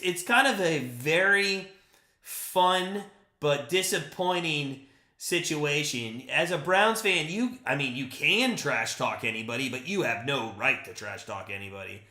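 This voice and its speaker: Young male fan streamer, live play-by-play, high bright voice, echoey room, chatty and excitable. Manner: excitable, talks to chat, swings between hype and frustration.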